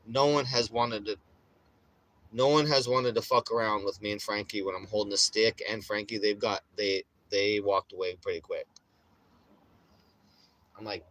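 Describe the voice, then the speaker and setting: Casual male vlogger, low-pitched, profane and rambling, laughs a lot, a bit under the weather. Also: unhurried, long pauses, sharp tone, no room sound. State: recovering from a chest illness. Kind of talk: casual rambling livestream chat.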